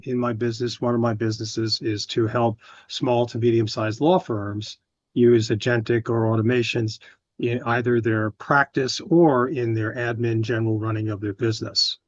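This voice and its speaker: A man's voice: mid-range voice, no echo. Man participant, polite and long-winded, dry dull call audio. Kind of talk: casual chat on a video call. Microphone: video call.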